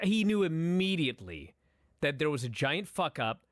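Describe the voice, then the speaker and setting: A man's voice: a little high, a little slow, no room sound, studio quality. A man co-hosting a podcast in casual chat, swearing freely and giving blunt opinions. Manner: profane, opinionated, animated. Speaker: podcast co-host. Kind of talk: casual chat, wrestling review.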